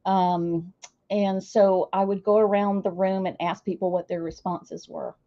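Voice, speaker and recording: An older woman, chatting warmly and emotionally with her viewers as a streamer. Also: lowish voice, level tone, a little slow, muffled recording. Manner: warm, emotional, gushing. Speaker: streamer hosting a celebration. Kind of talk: casual chat to viewers.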